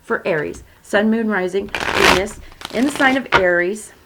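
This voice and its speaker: A woman tarot reader talking casually and self-mockingly to her viewers, her voice swinging between loud bursts and soft asides. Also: medium pitch, moderate pace, very noisy. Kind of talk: casual spiritual reading chat.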